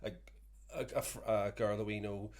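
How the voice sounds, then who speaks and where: A man's voice: fairly low pitch, flat delivery, normal speed, a little mellow. Blunt man, indignant chat. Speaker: podcast co-host. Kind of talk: casual chat.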